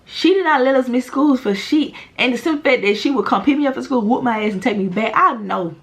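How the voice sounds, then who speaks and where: Young woman vlogging a storytime, cussing a lot, super animated, slangy. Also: fairly high pitch, brisk. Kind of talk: casual storytime vlog.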